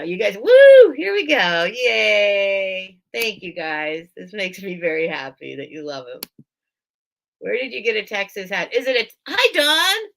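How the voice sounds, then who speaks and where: A woman with a medium-pitched voice, vocal fry, and a pushed, bright sound talks directly to her viewers while hosting a casual vintage sale from home. It's relaxed live-stream selling chat, full of thinking out loud.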